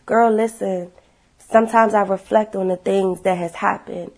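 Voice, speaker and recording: Husky-voiced woman telling her story emphatically. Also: mid-range voice, moderate pace. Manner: animated and emphatic, blunt, swears freely. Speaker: motivational speaker sharing her story. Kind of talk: casual personal testimony to viewers.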